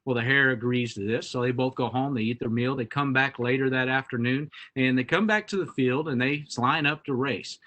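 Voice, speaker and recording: A man giving a keynote talk as the featured speaker, opening with an animated fable, probably over a video call. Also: mid-range voice, fairly quick, hardly any pauses. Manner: animated storyteller. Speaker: executive director and featured speaker.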